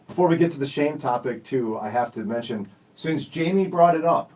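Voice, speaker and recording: A man's voice: medium pitch, lively intonation, a little fast, a little mellow, distant mic, rough recording. A man in his forties hosting a radio show, telling stories in a jokey, self-teasing way. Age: 40s. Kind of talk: casual studio chat. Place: radio studio.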